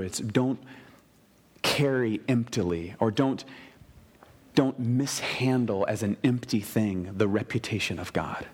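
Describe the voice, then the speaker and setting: A man's voice: medium pitch, darkish tone. A man preaching a sermon in a mid-range voice, talking to the congregation conversationally and punching key phrases with emphatic asides. He often restarts his sentences. The sound rings with a long reverb, as in a large hall. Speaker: pastor.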